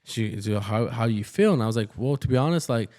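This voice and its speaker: A man's voice: mid-range voice, fast talker. Guy nurse on a podcast, rambling through er stories, acts out the quotes. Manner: animated, acts out quoted dialogue. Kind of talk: casual storytelling chat.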